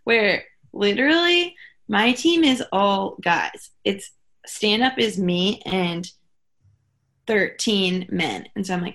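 A young woman co-hosting a podcast, chatting casually and telling animated stories with quoted asides. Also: mid-range voice, a little slow. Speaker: podcast co-host. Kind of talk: casual chat.

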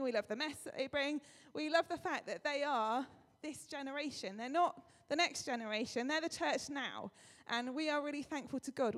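A woman pastor giving a chatty, personal welcome and address to her church congregation, with a few fillers. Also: sits high. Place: church hall. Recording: long reverb of a church hall.

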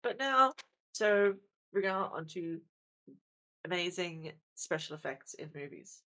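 A woman's voice: fairly low pitch, animated, slow, a bit bright. A woman co-hosting a podcast in casual chat, rambling and self-deprecating, full of fillers and restarts. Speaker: podcast co-host.

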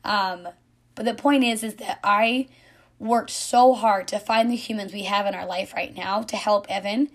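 Woman, 30s, earnest, heartfelt, soft-spoken, medium pitch. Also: steady tone, measured pace. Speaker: mother of an autistic son. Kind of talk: personal reflective monologue.

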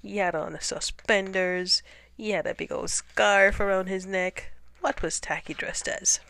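Lady reading a kids picture book aloud, slow and expressive, whispery bits, dry room. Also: mid-range voice, vocal fry, no room sound. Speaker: storyteller.

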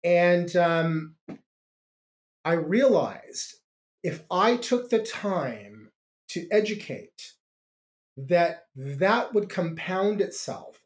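A man's voice: high voice, expressive, extremely slow. A middle-aged man, a podcast guest, telling a personal story in an earnest, reflective way with frequent restarts.

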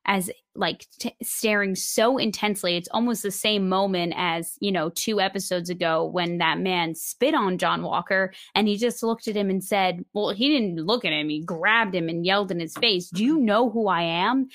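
A woman's voice: mid-range voice, moderate pace, few pauses, no room sound, clean studio sound. A woman co-hosting a podcast, retelling episode scenes in casual chat and acting out the characters' lines as she goes. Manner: animated retelling, acting out quotes. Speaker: podcast co-host.

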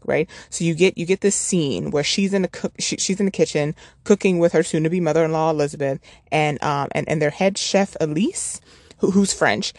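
A woman's voice: deep voice, a little mellow, no room sound, studio quality. A woman hosting a book review podcast, chatting casually and rambling with many restarts and rhetorical questions.

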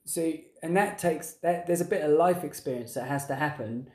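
A man's voice: on the high side, normal speed, darkish tone. Male co-host, 30s, rambling casual podcast chat, echoey room. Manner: rambling, restarts sentences.

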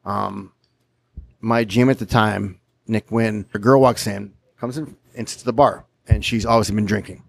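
A Canadian man from Winnipeg, in his thirties, telling a profane, animated story as a podcast guest. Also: fairly low pitch, moderate pace, gravelly. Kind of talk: casual storytelling.

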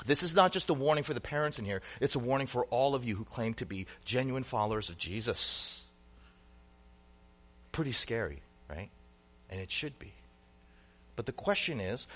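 A man preaching a sermon to a congregation, earnest, asking rhetorical questions and swinging between loud emphasis and quiet, low asides. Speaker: pastor.

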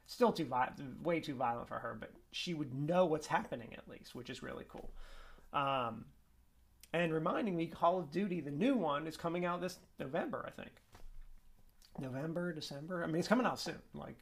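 A man talking casually to his webcam in a vlog, upbeat and rambling, full of "like" and "um" and restarting his sentences. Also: fairly high pitch. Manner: rambling, upbeat, lots of fillers and self-corrections. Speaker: esports coach and vlogger. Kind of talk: casual vlog talk to camera.

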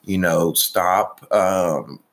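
Casual low-voiced male podcast host. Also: very slow. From Alabama. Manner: opinionated, swears, trails off mid-sentence. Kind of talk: casual chat.

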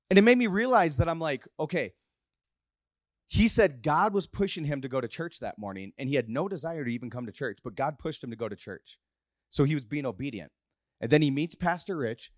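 A man's voice: on the high side, no echo, clean studio sound. A young man preaching a youth sermon, telling stories in a casual way with many fillers and repeated words. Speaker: youth pastor. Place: church youth service.

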